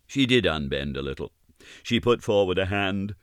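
A man narrating a novel in first person, low-voiced and earnest. His reading is measured yet lively, with wide swings of pitch. The sound is close and dry. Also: no room sound. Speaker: audiobook narrator.

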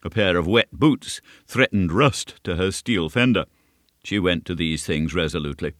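A man reading a classic novel aloud as scripted narration, in a measured, steady storytelling manner. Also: sits low, no room sound, studio quality. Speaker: audiobook narrator.

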